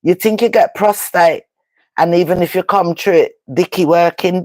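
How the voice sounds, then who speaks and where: A woman's voice: on the low side, normal speed, a little mellow, no room sound. A Jamaican woman vlogging live in casual patois-laced chat, emphatic and full of rhetorical questions.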